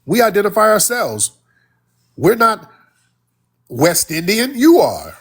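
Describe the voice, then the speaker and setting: A man hosts a live stream and scolds a caller, repeating "sir" with sharp disdain. His voice is husky and somewhat high for a man. His pitch leaps around a great deal as he argues. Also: wildly swooping pitch, takes it slowly. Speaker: livestream host. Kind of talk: heated live-stream argument. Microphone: phone or desktop mic on live stream.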